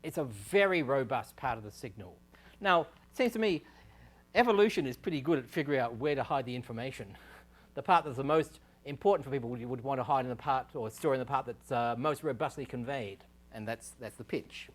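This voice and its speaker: A man's voice: medium pitch, lively intonation, fairly quick. A man giving a university lecture on speech science, explaining step by step, with fillers and restarts. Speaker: research scientist giving a technical talk. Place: lecture room.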